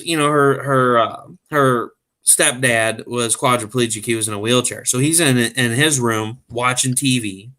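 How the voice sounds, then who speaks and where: Male host, bright tone, mid pitch, animated casual storyteller. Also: measured pace, hardly any pauses. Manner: animated, joking.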